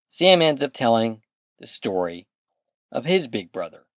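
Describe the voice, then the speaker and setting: A man hosts a rewatch podcast and retells an episode in a casual, chatty way. His pitch rises and falls a lot as he quotes the characters. The sound is close and dry, with no room echo. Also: sing-song, unhurried. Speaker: podcast host. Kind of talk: episode recap commentary.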